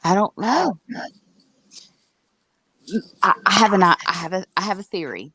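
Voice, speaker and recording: A woman in a casual paranormal chat, speaking slowly and thoughtfully with a little hesitation as she offers a theory. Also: medium pitch, expressive, bright, forceful tone.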